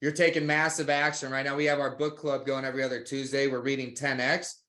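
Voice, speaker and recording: A man's voice: medium pitch, little pitch movement, quick pace, sharp tone. A man hosting a sales webinar, enthusiastic and motivational, talking to viewers as guys. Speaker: webinar host. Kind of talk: webinar interview.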